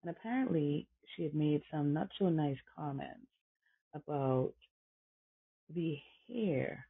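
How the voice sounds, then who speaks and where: Host, male, gravelly and husky, emphatic commentary, tinny phone-line sound. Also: a little high, expressive, slow. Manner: emphatic, repeats phrases, rhetorical questions. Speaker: podcast host. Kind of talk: impassioned commentary.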